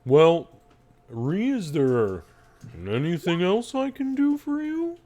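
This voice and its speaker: A man voicing a gentle female talking cow in a tabletop game, in a slow, drawn-out, high lilting voice. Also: sing-song, full character voice. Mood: placid.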